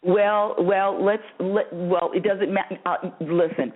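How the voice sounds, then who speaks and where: A woman's voice: lowish voice, fairly even intonation, takes it slowly. A woman hosting a spiritual advice call-in radio show, talking emphatically and repeating herself, calling the caller honey and dear, often laughing. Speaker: radio host answering callers. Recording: narrow phone-like radio audio.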